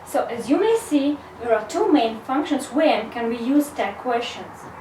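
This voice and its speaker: High-voiced woman teaching in an echoey room. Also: lively intonation, darkish tone, slight background noise. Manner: slow, careful explanation with frequent "so". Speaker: English teacher. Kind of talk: video grammar lesson. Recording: echoey room, mic at a distance.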